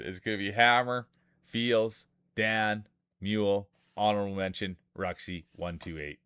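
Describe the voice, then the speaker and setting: A man with a fairly low, smooth and resonant voice calls the action like a sports commentator, playful and excitable as he hypes up players and cracks jokes. The sound is close and dry, with no room around it. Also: measured pace, dry recording. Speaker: streamer and game commentator.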